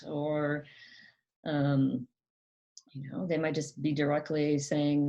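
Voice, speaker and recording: A woman hosting her own channel, explaining things gently in a casual monologue, often hesitating with ums and restarting her sentences. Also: sits low, flat delivery, takes it slowly, pauses often. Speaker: channel host.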